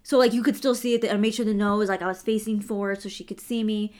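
A woman's voice: medium pitch, fairly even intonation, quick pace, a little mellow. A young American woman telling a personal story earnestly in a casual podcast conversation, full of "like" fillers. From United States. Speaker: guest.

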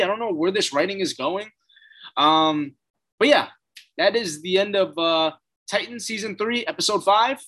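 A man talks through an episode recap in a loose, offhand way, with blunt, profane asides and lots of "um" and "like." His voice is bright and slightly raised in pitch. It sounds like a casual solo video. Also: husky. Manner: blunt, profane, frequent fillers.

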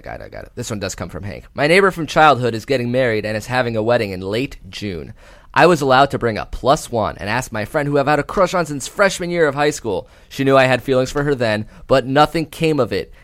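Male podcast host, playful letter-reader, animated intonation, dry recording. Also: medium pitch, no echo. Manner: playful, laughs often, reads letters aloud. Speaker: podcast co-host reading listener questions. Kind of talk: casual comedic podcast chat.

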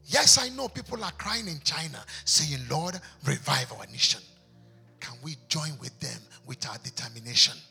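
A man's voice: on the high side, expressive, moderate pace, gravelly, few pauses, sharp tone, husky, soft background music. A pastor preaching an impassioned sermon in a church, driving his points home with rhetorical questions.

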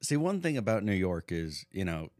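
A man's voice: sits low, sing-song, moderate pace, darkish tone, dry recording. A man co-hosting a podcast, chatting casually in a blunt, dry way and telling stories with swearing. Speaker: podcast co-host. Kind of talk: casual chat.

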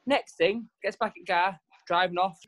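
A man in casual chat, telling family stories with lively quoted voices. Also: moderate pace. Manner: animated storyteller, jumps pitch for quoted voices. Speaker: podcast co-host.

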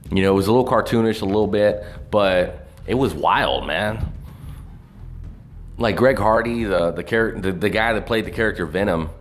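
Profane rambling man with a low voice. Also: normal speed, soft background music. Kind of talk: casual movie review rant.

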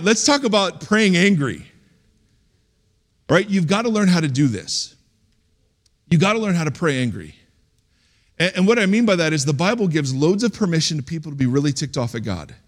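Animated man preaching a sermon. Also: on the high side, a little fast, long pauses. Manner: animated, conversational preaching with sudden loud outbursts. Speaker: pastor.

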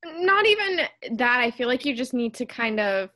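Young female podcast host, higher pitch, chatty and advice-giving. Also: sing-song, normal speed, pushed and bright. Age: young adult. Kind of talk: casual chat.

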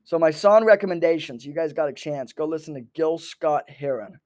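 A man's voice: a little high, moderate pace. Profane, rambling male comedian. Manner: profane, animated, jumps between topics. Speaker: podcast host, comedian.

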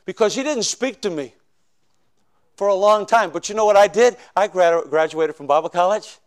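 A male preacher telling his conversion story in a sermon, swinging from loud shouts to hushed confession. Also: high-pitched, moderate pace. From northern United States. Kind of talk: sermon testimony.

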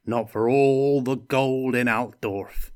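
A man's voice: mid-range voice, steady tone, slow, clear, resonant tone, no echo, clean studio sound, pitched above the performer's own voice, natural voice. A man reading a story aloud and voicing a nervous, cautious male peddler who speaks warily. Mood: wary.

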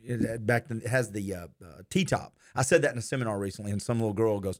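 A man telling a story in casual chat, brisk and lively. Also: fairly low pitch. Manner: brisk, lively anecdote teller.

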